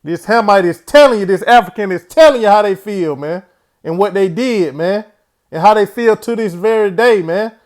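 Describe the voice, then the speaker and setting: Male host with a high voice, preaching-style commentary, says "man" after his phrases. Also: animated, normal speed. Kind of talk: religious commentary.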